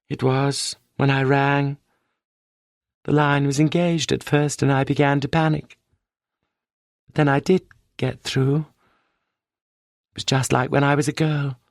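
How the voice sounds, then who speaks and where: A woman's voice: sits low, no echo, studio quality, voice pushed up. A man voicing a composed, sly middle-aged widow with a British accent in an audiobook. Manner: pleading, then dreamy sing-song.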